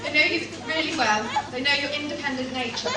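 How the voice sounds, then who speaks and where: High-voiced woman, echoey, distant. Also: a little fast, a loud crowd. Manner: humorous, self-mocking storytelling. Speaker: stand-up performer. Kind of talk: live stand-up testimony. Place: coffee shop performance space. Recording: echoey room, distant mic, loud background noise.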